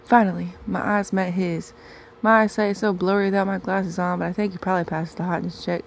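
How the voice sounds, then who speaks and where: Woman storyteller, put-on twang, playful deadpan comic reading, faint hiss behind. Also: fairly low pitch, a little fast, gravelly.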